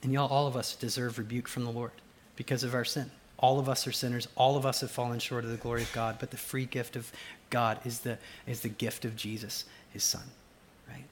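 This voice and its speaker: A pastor preaching a sermon, swinging from loud urgency to a hushed, almost whispered delivery. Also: male voice, mid-range voice, little pitch movement, fairly quick, slight background noise. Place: church sanctuary.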